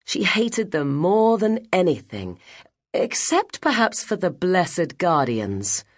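A woman narrating a children's audiobook in an expressive, measured way. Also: fairly low pitch. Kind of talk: scripted children's book narration.

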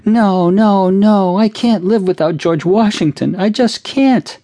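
A man's voice: takes it slowly, mellow, no echo, clean studio sound. A man doing a sobbing six-year-old girl. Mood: sobbing distress. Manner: high, wailing, crying voice.

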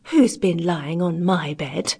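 A woman's voice: lowish voice, slow, darkish tone, husky, exaggerated voice. A woman reading an audiobook, voicing a cross, middling-sized mother bear with a raised, indignant question.

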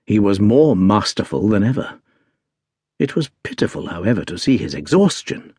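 Expressive male audiobook narrator. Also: lowish voice, normal speed, slightly rough, no room sound, clean studio sound. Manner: expressive, theatrical reading. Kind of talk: scripted narration. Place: dry recording booth. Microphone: close studio mic.

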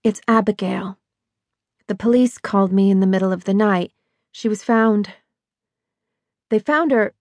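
A woman's voice: unhurried, pauses often, a little mellow, dry recording, close to an everyday voice. A woman doing a shaken, sleepless young woman. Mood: urgent. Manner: low, urgent, subdued.

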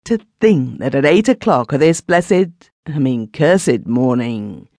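A man gives voice to a kindly, gossipy villager who bursts into feeling easily. His lines rise high and louder than the telling around them. It is a dry, close audiobook recording with a gravelly edge. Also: expressive, slow pace, dry recording. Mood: earnest. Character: kindly, emotional middle-aged villager Smith. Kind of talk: audiobook character voice.

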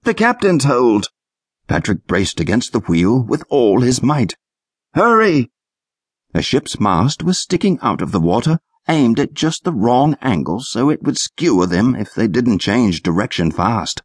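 A man narrating a children's adventure audiobook in an expressive storytelling manner. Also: fairly low pitch, moderate pace, hardly any pauses, slightly rough, dry recording, studio quality.

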